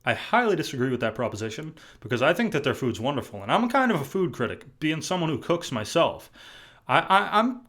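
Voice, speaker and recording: A man's voice: fairly high pitch, sing-song, brisk, a bit bright. A young man from New England talking casually to camera in a vlog, chatty and full of restarts, swearing now and then. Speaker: vlogger.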